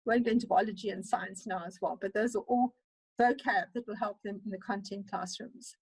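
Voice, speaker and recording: A woman lecturer with a South African accent teaching an online webinar, talking fast and animatedly with frequent fillers. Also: medium pitch, steady tone, slightly rough, no room sound, low-quality recording. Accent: South African English. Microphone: computer mic on a video call.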